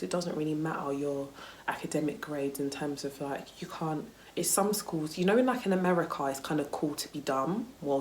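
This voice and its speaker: A woman's voice: sits low, a little hiss or hum. A young woman vlogging a casual story time, candid and chatty, with lots of "like" and "you know" and some swearing. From United Kingdom.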